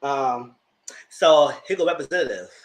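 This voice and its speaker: A man comments live on a reality TV show, giving a casual, sassy review full of slang and acting out the cast's lines. His mid-range voice moves at a normal speed.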